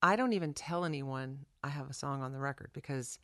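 Woman songwriter, interview guest; low voice, lively storyteller who plays out every character she mentions. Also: dry recording, studio quality. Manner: animated storyteller, quick to act out the people she quotes.

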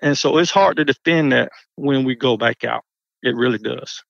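A gravelly-voiced man talks through a muffled, lo-fi phone line. He answers an interviewer earnestly, stopping and restarting his sentences. The sound is dry and close. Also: medium pitch, normal speed, a bit bright, dry recording. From Georgia, United States. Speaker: county commissioner interviewed by phone.

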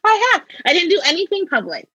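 A woman's voice: extremely high pitch, very animated, fast, sharp tone, dry recording, lo-fi sound. A woman guest on a podcast chatting casually and breezily about her business, laughing easily. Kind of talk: casual chat.

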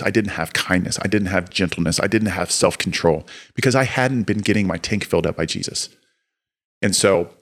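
A young man telling a lively personal story on a podcast, acting out his own shouting as he goes. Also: deep voice. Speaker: podcast co-host. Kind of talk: casual storytelling.

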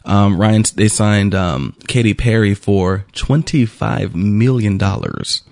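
A man's voice: fairly low pitch, takes it slowly, vocal fry, darkish tone, no echo. A man co-hosting a radio show, chatting casually with lots of ums and laughs. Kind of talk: casual banter.

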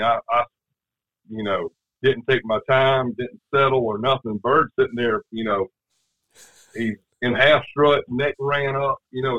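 Rambling man with a dull, lo-fi sound. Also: medium pitch. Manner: rambling, many fillers and restarts. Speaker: guest. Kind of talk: casual storytelling.

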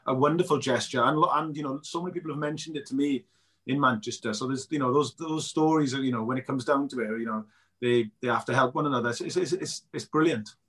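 A man's voice: medium pitch, fast talker, fairly bright tone. A man, a documentary filmmaker, chatting as a guest on an interview podcast, telling stories with enthusiasm and many fillers. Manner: enthusiastic storyteller, many "you know" fillers. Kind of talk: casual interview chat.

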